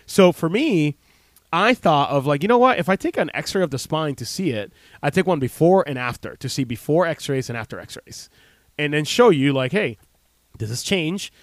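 A man's voice: fairly high pitch, expressive, normal speed, dry recording. A man in his thirties, a chiropractor hosting a radio talk show, speaking casually with many fillers and restarts into a close studio mic.

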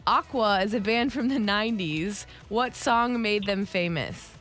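A woman's voice: medium pitch, measured pace, a bit bright, soft background music. A woman co-hosting a morning radio show, chatting casually and reading out quiz questions. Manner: chatty, laughs easily. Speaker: radio co-host and quiz master.

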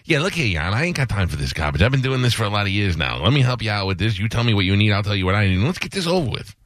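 A man putting on the voice of a pushy, fast-talking lawyer from Chicago in a joking bit. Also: on the low side, big pitch swings, a bit bright, dry recording, clean studio sound.

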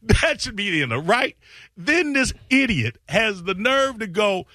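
A man tells a story on his radio show in an animated, sarcastic way and reads out tweets in mocking voices. His voice is bright and swings widely in pitch. The sound is dry and close to the mic. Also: moderate pace, no echo. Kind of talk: casual talk-radio storytelling.

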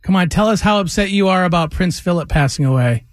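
Teasing high-voiced male co-host. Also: expressive, fast talker, no room sound, clean studio sound. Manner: teasing, laughing. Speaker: radio co-host. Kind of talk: morning radio banter.

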